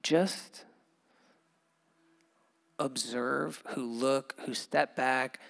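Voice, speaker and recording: A man preaching a conversational sermon as pastor, chuckling often and building to loud, animated bursts. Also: medium pitch, extremely slow, vocal fry, big-room sound.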